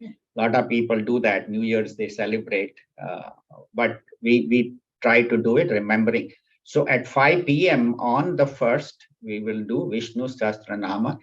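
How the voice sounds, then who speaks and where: A man's voice: medium pitch, normal speed, breathy edge, highs cut off. A man teaching a scripture class at a spiritual center, explaining patiently and repeating key points. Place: class at a spiritual center, also on video call.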